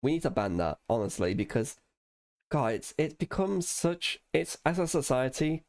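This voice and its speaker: A man with a mid-range voice tells stories on a casual podcast. His pitch swings widely as he swears freely and acts out other people's lines. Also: normal speed. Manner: swears freely, lively storytelling, acts out quotes. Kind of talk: casual chat.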